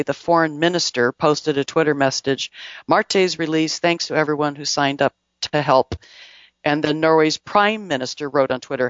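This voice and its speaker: A man's voice: fairly high pitch, fairly bright tone, dry recording. A man hosting a casual talk show, rambling conversationally through travel stories and news items with restarts and asides. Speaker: podcast host. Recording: dull, dry lo-fi recording.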